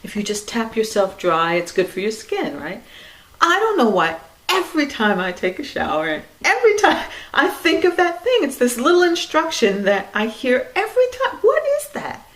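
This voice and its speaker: A woman giving a reflective spiritual talk in a conversational way, with many "you know"s, soft laughs, and quiet trailing phrases. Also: fairly high pitch, wildly swooping pitch, normal speed, poor audio. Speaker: dharma talk speaker.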